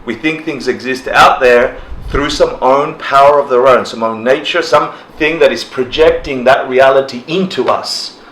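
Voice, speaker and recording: A man teaching a relaxed class, talking casually, laughing often and acting out people's reactions. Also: medium pitch, normal speed, hardly any pauses. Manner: animated, laughs often, acts out quoted reactions. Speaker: dharma teacher. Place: indoor class room. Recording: roomy echo, faint ambient noise.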